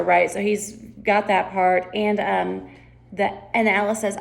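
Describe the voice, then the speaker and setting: Woman walking actors through a scene, casual, lots of "right?", some vocal fry. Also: mid-range voice, steady tone, a little slow. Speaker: drama director. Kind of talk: rehearsal coaching.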